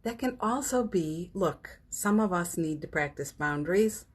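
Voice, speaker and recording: A woman's voice: fairly low pitch, expressive, measured pace, slightly rough. A woman hosting a live morning session, talking casually and encouragingly about a spiritual practice, with fillers and little laughs. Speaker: host of a daily live session. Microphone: phone or webcam on a live stream.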